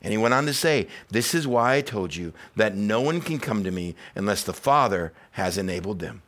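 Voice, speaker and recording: A pastor preaching a sermon, animated, with loud emphatic peaks and quiet reflective stretches, acting out quoted voices in a casual, conversational way. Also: male voice, on the low side, moderate pace.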